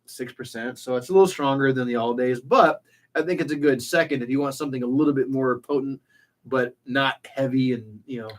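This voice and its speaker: A man from Texas with no drawl, co-hosting a casual beer chat in a rambling way with lots of fillers. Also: medium pitch. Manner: rapid, rambling with many fillers. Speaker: co-host.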